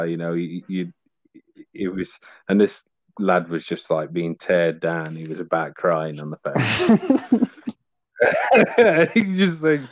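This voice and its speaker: Male podcast guest, low pitch, dry close mic, loose rambling storyteller. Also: sing-song, slow pace, long pauses, dry recording, dull audio. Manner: rambling storytelling with many fillers. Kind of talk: casual chat.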